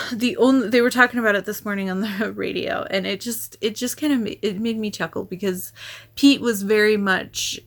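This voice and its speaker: Softly rambling woman vlogger. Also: medium pitch. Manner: rambling, with sighs and restarts. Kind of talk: casual rambling vlog chat.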